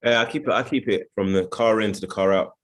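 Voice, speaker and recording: Low-voiced London man, relaxed and chatty panel guest. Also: quick pace. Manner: relaxed, chatty, laughs often. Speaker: actor panelist. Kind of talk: casual panel chat.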